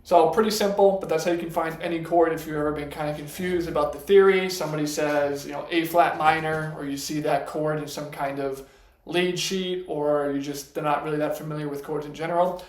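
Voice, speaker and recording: A man teaching a casual piano lesson, patient, explaining step by step and counting notes out loud. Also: a little high, fairly even intonation, a little fast. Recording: echoey room with piano playing. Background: piano notes between lines.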